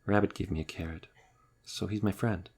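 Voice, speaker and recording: A man's voice: low-pitched, steady tone, moderate pace, breathy edge. A man voicing a mild, polite bear. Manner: gentle, hesitant, polite. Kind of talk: storybook character voice.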